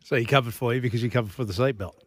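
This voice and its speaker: A man's voice: mid-range voice, husky, dry recording. A man hosting a podcast interview, chatty and matey as he steers the conversation. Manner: chatty, matey, quick to laugh along. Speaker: podcast host. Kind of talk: casual interview chat.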